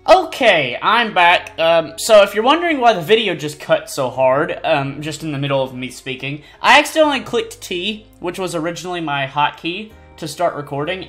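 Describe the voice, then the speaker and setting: A male gaming host chats his way through a game from his home setup. He jumps between low mumbles and high, excited squeals and keeps undercutting himself. Faint game music plays behind him. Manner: rambling and self-deprecating, with sudden excited squeals. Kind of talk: casual gameplay commentary. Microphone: desk mic, no face cam.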